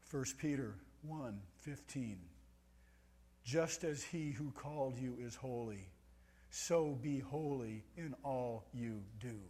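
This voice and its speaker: A man preaching a sermon, stressing key words by swinging between soft and loud. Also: mid-range voice, slow.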